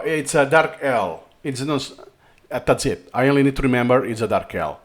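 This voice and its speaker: Over a screen-recorded tutorial, a Spanish-accented man, native to Spain, explains the learning material while thinking out loud and going over the same points again. He speaks in a mid-range voice at a moderate pace.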